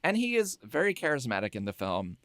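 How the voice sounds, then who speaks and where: A man hosting a podcast, chatting casually about a movie. He tells lively stories and acts out what people said. His voice sits in a middle pitch, and the sound is dry and close. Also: brisk, no echo. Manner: animated storyteller who acts out quotes. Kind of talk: casual film chat.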